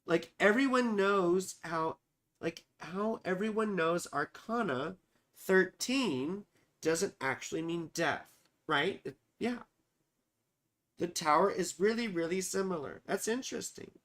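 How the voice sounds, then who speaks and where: A hoarse man with a high-pitched voice hosts a casual astrology livestream, talking slowly and unhurriedly. He rambles from thought to thought, answers viewers by name and swears freely. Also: lively intonation, a bit bright. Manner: rambling, profane, sings snatches between remarks. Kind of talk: casual livestream chat reading viewer comments.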